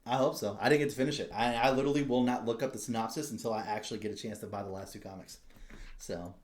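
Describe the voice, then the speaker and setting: Profane excitable man on a podcast. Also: mid-range voice, quick pace, reverberant. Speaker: podcast co-host. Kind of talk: casual chat.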